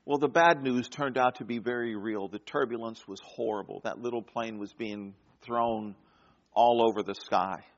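A man preaching a sermon, swinging between loud, emphatic lines and hushed, quiet ones. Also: medium pitch, fairly even intonation, normal speed, highs cut off.

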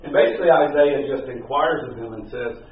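A man teaching a Bible class in a conversational, halting way, full of fillers and restarts. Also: medium pitch. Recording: distant, very echoey, phone-like room recording.

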